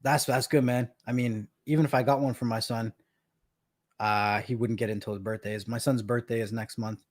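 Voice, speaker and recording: A man's voice: mid-range voice, steady tone, fairly quick. A man in his thirties from Canada, chatting casually on his live stream and telling stories with a laugh. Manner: chatty storyteller, laughs often, repeats words.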